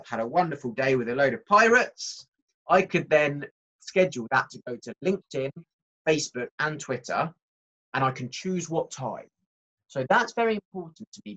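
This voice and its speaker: Lively man presenting a workshop, muffled sound. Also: fairly high pitch. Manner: lively, conversational, talks straight to the audience.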